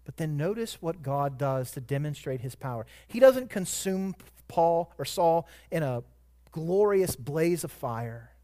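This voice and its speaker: A man preaching a sermon as pastor, shifting between quiet reflection and loud, emphatic peaks. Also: a little high, expressive, measured pace.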